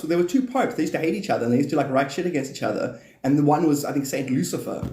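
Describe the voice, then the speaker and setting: Male streamer, rambling and profane, laughs a lot; higher voice, mellow tone, roomy echo. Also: lively intonation, fast. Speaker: live stream host. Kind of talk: rambling casual live-stream chat.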